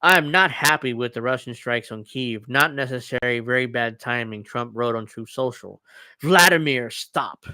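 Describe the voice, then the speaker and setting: A man's voice: medium pitch, fairly even intonation, moderate pace, few pauses, sharp tone, clean tone, no echo. A man hosting a casual political commentary show, reading news articles aloud and riffing on them sarcastically. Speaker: podcast host.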